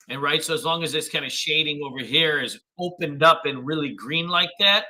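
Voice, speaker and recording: Man, live trading stream host, casual hype commentary, bright forceful voice, desk mic. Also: a little high, low-quality recording. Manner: upbeat and hype, with slangy greetings to viewers. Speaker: day trading instructor hosting a live stream.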